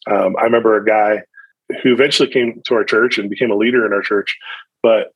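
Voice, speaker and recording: A man's voice: fairly low pitch, fairly even intonation, quick pace, slightly rough, dry recording, lo-fi sound. A man in his thirties, a pastor, talking reflectively in a podcast interview, often restarting his sentences. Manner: reflective, with frequent restarts and fillers.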